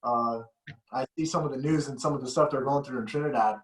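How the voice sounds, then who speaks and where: A man's voice: medium pitch, fast. A man hosting a podcast, telling rambling stories in a casual chat and laughing often. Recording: echoey room.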